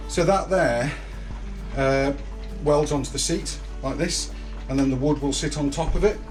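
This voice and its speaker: A man's voice: on the high side, measured pace, music in the background. Man explaining repairs step by step. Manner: patient, step-by-step instructive. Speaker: vlog host teaching his son a repair. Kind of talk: hands-on DIY explanation. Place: outdoors at a boatyard in light rain.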